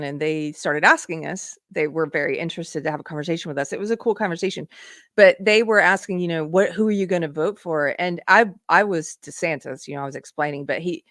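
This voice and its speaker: Animated sarcastic woman hosting live talk. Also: deep voice, dry recording, clean studio sound. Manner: animated, sarcastic, laughs often. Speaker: host of live political commentary show. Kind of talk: casual live-stream commentary.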